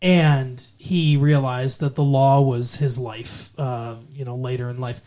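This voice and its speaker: A man's voice: mid-range voice, steady tone, measured pace, mellow. Brief: male podcast co-host, chatty and digressive, trails off and self-corrects. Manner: rambling, digressive, corrects himself mid-sentence. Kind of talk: casual movie podcast chat.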